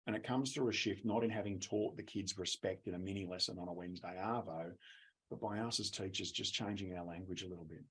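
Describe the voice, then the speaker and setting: Husky low-voiced Australian man. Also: quick pace, fairly bright tone. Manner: anecdotal, chatty, with laughs. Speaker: education presenter. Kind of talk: webinar talk with storytelling. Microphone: video call.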